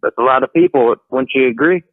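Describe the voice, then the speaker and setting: A man's voice: medium pitch, quick pace, dry recording. A man from Chicago calling in to argue, stubborn and mocking, repeating himself as he pushes his point. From Chicago, USA. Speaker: caller. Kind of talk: heated call-in argument. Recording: tinny dry phone line.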